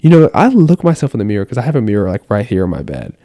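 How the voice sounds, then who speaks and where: A teenage boy muses aloud in a late-night bedroom vlog, his voice mellow and on the low side. He rambles earnestly, leaning on "like" as he goes. The sound is close and dry, with no room echo. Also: huge pitch swings, racing. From United States. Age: teens. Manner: rambling, earnest, many "like" fillers. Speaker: vlogger. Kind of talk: late-night reflective monologue. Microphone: camera.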